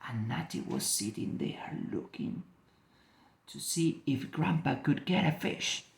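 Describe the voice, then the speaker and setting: A man teaching a children's phonics lesson and telling a story, drawing words out in a lively teacher voice. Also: fairly high pitch, vocal fry, reverberant. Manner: slow, drawn-out, lively teacher talk. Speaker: ESL teacher.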